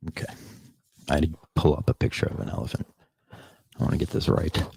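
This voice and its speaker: A man's voice: extremely low pitch, fairly even intonation, a little fast, vocal fry, a little mellow, slightly rough, no room sound. A podcast host on a casual live stream, rambling and swearing as he talks back to the chat comments.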